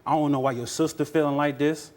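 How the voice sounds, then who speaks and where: A man's voice: a little high, fairly even intonation, fast, darkish tone. A man who is a guest on a talk show, speaking in an earnest, wounded way and repeating himself. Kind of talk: emotional talk show testimony.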